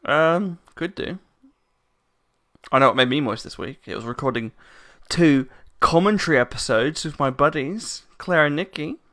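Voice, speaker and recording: A man's voice: a little high, animated, moderate pace, fairly bright tone. A man co-hosting a podcast in casual chat, rambling, restarting his sentences and laughing often. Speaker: podcast co-host.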